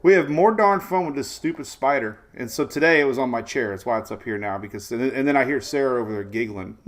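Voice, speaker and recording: Hosting a laid-back live weather stream, a man in his forties talks quickly at a medium pitch. He rambles and chats, laughs often, and greets viewers by name.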